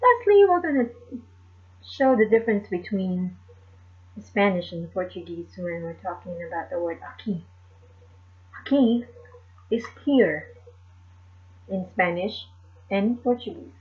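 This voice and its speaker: A woman teaching a language lesson slowly and carefully, repeating each word for learners. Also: medium pitch, sing-song. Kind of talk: slow explanatory lesson. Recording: dull lo-fi sound.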